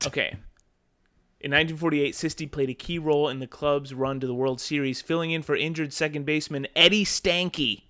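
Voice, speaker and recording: A man's voice: fairly high pitch, steady tone, a little fast, bright, forceful tone. Guy cohosting a podcast, jokey, laughs a lot, just chatting. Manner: joking, laughs often. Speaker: podcast co-host. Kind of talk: casual chat.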